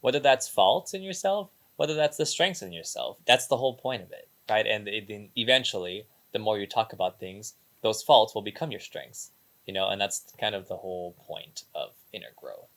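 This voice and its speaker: A man's voice: lowish voice, animated, normal speed, a bit bright. A man co-hosting a casual podcast, talking emphatically, repeating phrases and acting out his own thoughts. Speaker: podcast co-host, dance company member.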